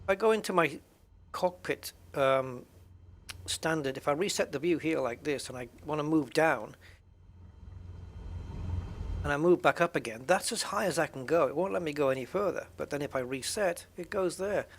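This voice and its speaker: A man's voice: on the high side, normal speed. A man giving casual, rambling commentary while playing a flight simulator. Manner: rambling, chatty, with restarts and asides. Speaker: flight sim streamer. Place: home gaming setup.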